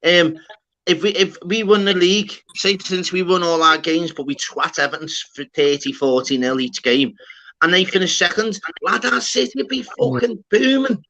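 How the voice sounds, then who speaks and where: A man's voice: high-pitched, steady tone, moderate pace, sharp tone. A man with a Liverpool accent hosting a casual online panel, swearing freely and calling everyone lad. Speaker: stream panel host. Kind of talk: casual banter. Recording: dull lo-fi sound with faint noise.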